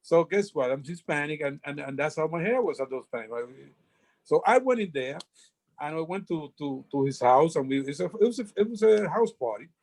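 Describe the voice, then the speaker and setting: Older man, slightly high voice, rambling storyteller, repeats words. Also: expressive, a little fast, darkish tone, poor audio. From Dominican Republic. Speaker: guest storyteller. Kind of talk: casual storytelling interview.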